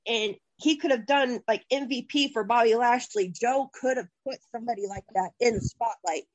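Woman, podcast co-host, profane and heated ranting style, higher voice, dry close mic. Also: normal speed, no room sound, muffled recording. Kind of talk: heated wrestling podcast rant.

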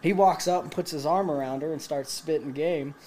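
A fairly high-voiced man in his late twenties tells a crude story to his buddies, swearing freely and laughing through the punchlines. He sounds animated and loose. A faint room ambience sits behind him. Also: a little fast, a little hiss or hum. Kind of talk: casual storytelling among friends.

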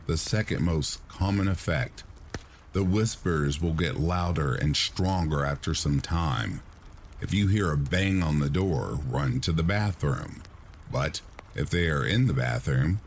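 A man with a deep voice narrates scripted horror stories meant for listeners drifting off to sleep. His delivery is measured and hushed, yet his intonation swings widely from line to line. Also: a little hiss or hum. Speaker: horror story narrator, channel host.

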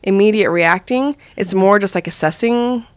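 Young mom chatting away, acts out lines all excited, super dry close mic. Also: female voice, normal speed, dry recording. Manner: chatty, acts out her own lines with rising pitch. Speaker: mother sharing parenting advice. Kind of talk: casual podcast chat.

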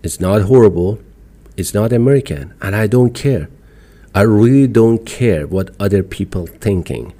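A middle-aged man from Iran with an Iranian accent, talking as a podcast guest in an animated, emphatic way, with non-native phrasing. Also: fairly low pitch, moderate pace. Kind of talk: casual interview chat.

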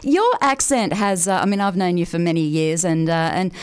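A woman's voice: lowish voice, moderate pace, clean tone. Aussie lady hosting morning radio, bubbly, chatty questions. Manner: bubbly, laughing, animated questions. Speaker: radio host.

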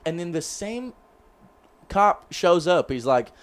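Recorded up close in a small room, a young man co-hosting a casual podcast chat tells an animated story, swearing often and acting out quotes. His voice is high-pitched, and he speaks slowly with frequent pauses.

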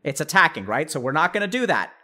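A man with a notably high voice talks casually to a live chat, coaching his listeners step by step. He keeps checking in with rhetorical questions as he goes. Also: big pitch swings, fast, bright, forceful tone. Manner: direct, coaching, frequent rhetorical check-ins. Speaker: podcast host giving mental health advice.

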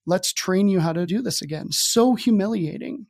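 Candid man telling a story, high-pitched. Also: normal speed, vocal fry, darkish tone. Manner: casual, candid, with wry self-deprecating humor. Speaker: podcast guest.

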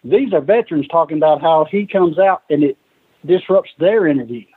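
Male guest, husky and a little high, lively storyteller, heard over a tinny line. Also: fairly quick. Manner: animated storyteller acting out quoted lines. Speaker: guest, retired wrestler. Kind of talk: casual storytelling.

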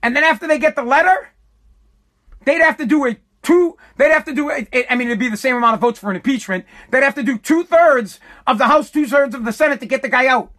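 Fired up and sarcastic, this American woman rants about politics, cursing openly and stumbling over repeated words as her fury rises. She's a political commentator with a high, slightly bright voice and a quick pace.

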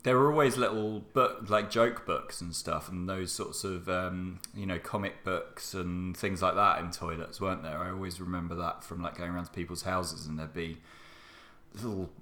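A man's voice: deep voice, steady tone, normal speed, pushed and bright. A man, the podcast's producer, chatting hesitantly and wryly. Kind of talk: casual podcast chat.

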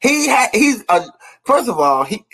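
A man's voice: extremely high pitch, a little slow, husky, low-quality recording. A man, chatting casually about TV shows, laughing often and acting out lines from them. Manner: animated, laughs often, acts out quotes from shows.

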